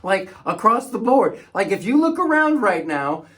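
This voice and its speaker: A male comedian hosts his own show with a sarcastic monologue. His voice sits a touch high for a man. He stumbles and repeats words as he builds each joke. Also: sing-song, normal speed, fairly bright tone. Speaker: comedian host.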